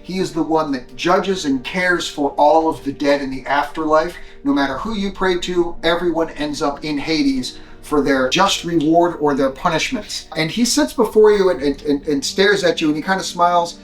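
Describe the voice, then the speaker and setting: A man's voice: on the high side, normal speed, hardly any pauses. Playful man running a tabletop game. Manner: playful, teasing the players. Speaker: game master. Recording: echoey room with faint music.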